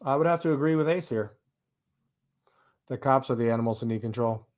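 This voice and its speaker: A man runs his own live stream, chatting casually and reading viewer comments aloud. His delivery is loose and sarcastic, and he breaks into laughter along the way. His voice sits at an ordinary middle pitch. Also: a little fast, darkish tone.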